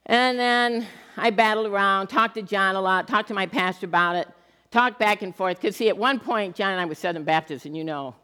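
A middle-aged woman pastor giving a sermon in a church, talking in an animated, conversational way with touches of humor. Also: mid-range voice, brisk, clean tone. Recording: long reverb of a church hall.

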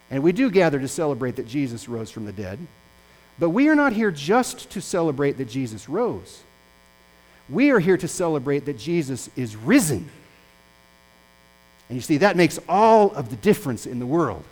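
A male pastor preaching a sermon, impassioned and swinging between loud and hushed. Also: medium pitch, rough recording.

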